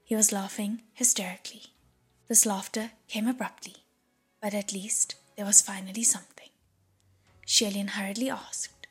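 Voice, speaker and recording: A woman reads the novel aloud in a breathy, husky near-whisper at a middle pitch. Faint music plays underneath. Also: fairly even intonation, moderate pace. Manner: breathy, hushed reading. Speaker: audiobook narrator. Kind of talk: audiobook narration.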